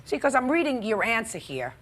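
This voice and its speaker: A woman's voice: a little high, very animated, brisk, fairly bright tone. A woman presiding as a TV courtroom judge, stern and scolding, cutting the litigants off. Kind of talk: courtroom arbitration. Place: courtroom studio.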